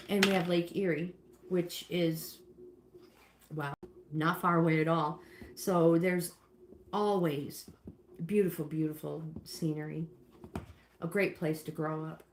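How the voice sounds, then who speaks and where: A woman's voice: fairly low pitch, slight background noise. A middle-aged woman from New York State, chatting rambly with viewers on a livestream while she cleans her kitchen, often exclaiming to herself. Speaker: livestream host. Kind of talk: casual chat while cleaning. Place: home kitchen, indoors. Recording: roomy echoey kitchen sound.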